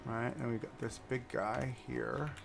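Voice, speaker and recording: A man's voice: medium pitch, steady tone, measured pace, vocal fry, music in the background. A man casually talking through a theme park building game on a livestream, rambling to himself and to the objects he places. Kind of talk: casual gameplay commentary.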